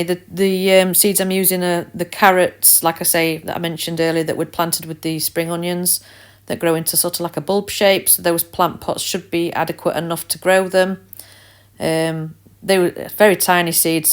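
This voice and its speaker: This allotment vlogger has a fairly low voice with no echo, chatting and rambling out in the wind while encouraging herself along. Her casual outdoor vlog talk is accompanied by wind and traffic noise.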